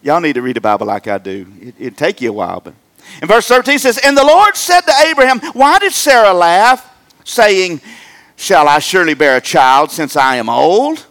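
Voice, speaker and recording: A middle-aged man preaching a humorous sermon, jumping between loud emphatic lines and quiet joking asides. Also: a little high, sing-song, moderate pace. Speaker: pastor.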